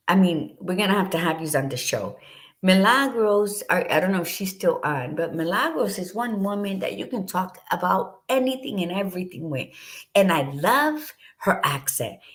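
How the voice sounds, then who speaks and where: A middle-aged woman with a low voice talks with passionate, unfiltered conviction as she co-hosts her show. She swears freely and speaks from the heart in a casual, motivational way. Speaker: podcast co-host.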